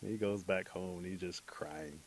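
A man telling a folk tale aloud, animated, acting out the characters' lines. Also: deep voice, moderate pace, breathy edge. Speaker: storyteller. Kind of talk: oral storytelling.

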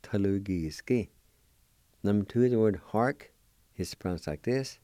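A man teaching a language lesson on the air, spelling and pronouncing words slowly and deliberately, syllable by syllable, in an encouraging way. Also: fairly low pitch, dark tone, dry recording, studio quality.

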